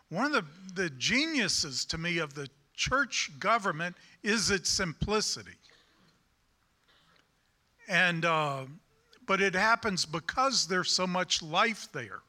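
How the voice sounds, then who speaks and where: Southern man preaching, high and very bright voice, folksy and rambling. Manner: folksy, rambling, with self-deprecating humor. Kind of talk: sermon.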